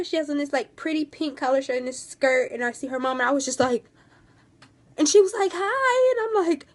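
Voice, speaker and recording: Gushing young woman telling a story. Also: on the high side. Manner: gushing, rambling, full of "like". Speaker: vlogger. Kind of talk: casual storytime vlog.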